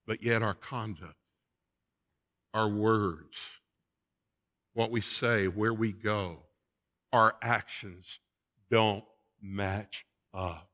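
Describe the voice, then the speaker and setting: Slow, forceful preaching man. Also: lowish voice, steady tone. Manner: emphatic, repeats words for stress. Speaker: pastor. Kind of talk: sermon. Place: church sanctuary.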